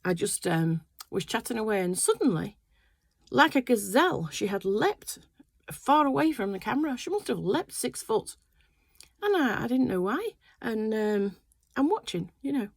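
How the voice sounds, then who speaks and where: A woman's voice: a little high, big pitch swings, moderate pace, gravelly, no echo. An older woman chatting casually in her sewing room, telling a rambling family story full of fillers. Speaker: quilting vlogger. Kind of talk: casual chat.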